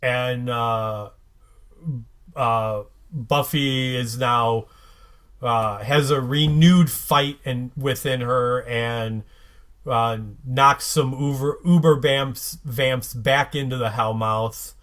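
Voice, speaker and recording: A man co-hosting a podcast, recapping an episode in casual chat, halting with many fillers and restarts. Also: mid-range voice, fairly even intonation, a bit bright.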